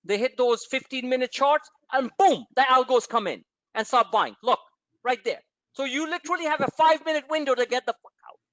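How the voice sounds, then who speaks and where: The host of this live stock-trading webinar speaks fairly quickly in a very high voice, casual and animated, tossing in profanity and rambling personal tales. There's no echo, but the recording is muffled.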